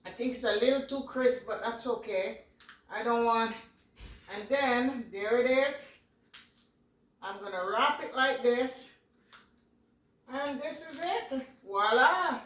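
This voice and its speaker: A woman's voice: a little high, takes it slowly, pauses often, recorded from a distance. A woman chatting through a home cooking vlog, repeating herself and thanking her viewers. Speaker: cooking vlogger. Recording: echoey room, voice off-mic.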